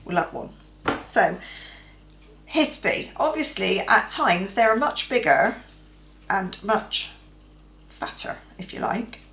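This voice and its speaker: A woman's voice: medium pitch, sing-song, slow, long pauses, a bit bright, echoey room, poor audio. A woman host giving chatty, practical step-by-step cooking instructions in her home kitchen. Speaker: cooking vlogger. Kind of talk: casual cooking demonstration.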